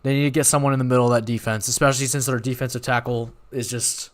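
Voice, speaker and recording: This watch party host is a young man streaming live, rambling excitedly as he reacts to events. His speech is fast and sits at a normal middle pitch, and he keeps pausing to say sorry and fix what he said.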